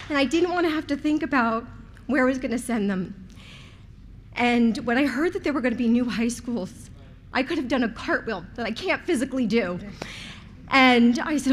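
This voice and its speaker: A woman's voice: on the high side, expressive, normal speed, slight background noise. A woman in her thirties, a resident speaking at a school committee meeting, nervous and tearful as she pleads in an emotional, heartfelt way. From outside Rhode Island. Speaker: resident giving public comment.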